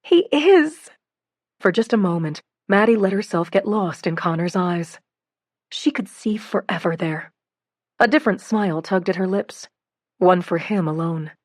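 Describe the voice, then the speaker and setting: A woman reading a novel aloud as an audiobook narrator, in an expressive, steady storytelling way. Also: lowish voice, normal speed, no room sound, clean studio sound. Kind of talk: scripted narration.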